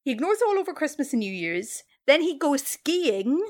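A woman hosting a comedy podcast, telling a long story in a quick, animated way. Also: sits high.

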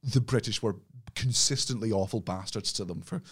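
A man's voice: fairly low pitch, normal speed, slightly rough. A Scottish man telling stories in a casual podcast chat, swearing freely and slipping into put-on voices. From Scotland. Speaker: podcast guest.

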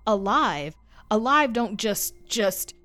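A woman's voice: lowish voice, normal speed, no echo, natural voice. A woman voicing a frightened young boy, whimpering and pleading in a storybook reading. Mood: panicked.

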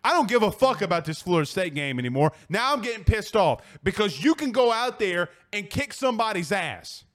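Fired-up, high-voiced sports radio host. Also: male voice, big pitch swings, fairly quick, fairly bright tone. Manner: profane, fired-up, repetitive hammering. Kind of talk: animated sports talk radio rant.

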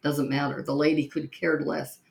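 A woman hosting a podcast, telling stories in a lively way and acting out the voices of the people she quotes. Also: sits low, moderate pace, creaky, reverberant. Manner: lively storyteller who acts out quoted voices. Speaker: podcast host. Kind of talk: storytelling monologue.

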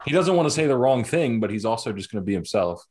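A man co-hosting a casual sports podcast, laid-back and quick to laugh as he reacts and chimes in. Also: medium pitch, sing-song, darkish tone, breathy edge. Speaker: podcast co-host.

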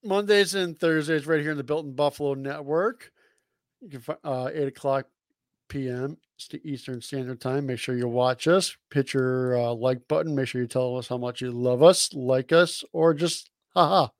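A man's voice: medium pitch, normal speed, no room sound, clean studio sound. A man co-hosting a casual show, teasing his partner and reading out show plugs. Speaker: podcast co-host. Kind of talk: casual chat.

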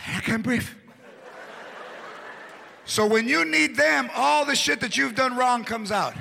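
A man performing stand-up comedy, telling a story in an animated way and acting out its people. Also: very high-pitched, moderate pace, gravelly, a little hiss or hum. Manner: animated storytelling, acts out characters. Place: theater stage with audience. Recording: live show, loud crowd.

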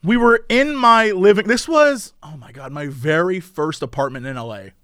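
A man in his thirties, an animated podcast co-host, telling stories in casual chat with a lot of laughter. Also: high-pitched, normal speed, clean tone, no echo, studio quality.

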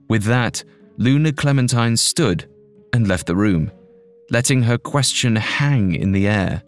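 A man narrating a scripted audio drama in a measured, dramatic way. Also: medium pitch, lively intonation, soft background music.

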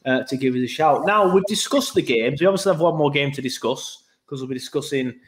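A man's voice: medium pitch, animated, slight background noise. A man hosting a football fan podcast, upbeat and talking straight to his listeners with the odd filler. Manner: upbeat, quick, thinks aloud with fillers. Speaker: podcast host.

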